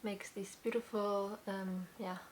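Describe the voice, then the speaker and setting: A young adult woman hosting a casual crafts podcast, chatting in an unhurried way with many fillers and restarts, slightly out of breath at times. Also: medium pitch, fairly even intonation, darkish tone, a little hiss or hum. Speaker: podcast host. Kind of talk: casual chat.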